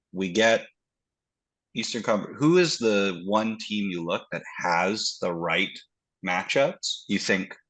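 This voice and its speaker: A man from Canada chatting as a podcast guest, swearing a lot and animated, often mocking others in put-on voices. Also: sits low, slightly rough. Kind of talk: casual podcast chat.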